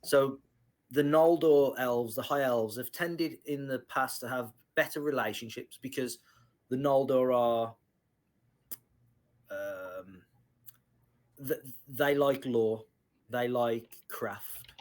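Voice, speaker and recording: Running a tabletop fantasy session, this man describes the setting to his group at a medium pitch. His delivery is slow and halting, full of ums and false starts.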